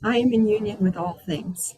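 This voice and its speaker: A woman hosting a spiritual healing circle over a video call from her outdoor patio, talking in a gentle, unhurried, chatty way. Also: mid-range voice, breathy edge, poor audio.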